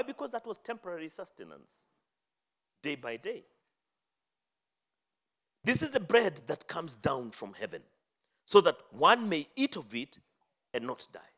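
A man preaching a sermon, reading scripture aloud and explaining it, rising to loud emphatic phrases and dropping to low, quiet endings. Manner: dramatic swings from loud high emphasis to low hushed endings.

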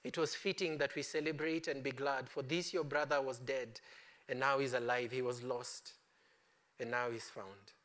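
A man preaching a sermon, passionately declaring, then dropping to hushed pleading with his congregation. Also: mid-range voice, fairly even intonation, normal speed. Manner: impassioned, swings from loud declaring to hushed pleading.

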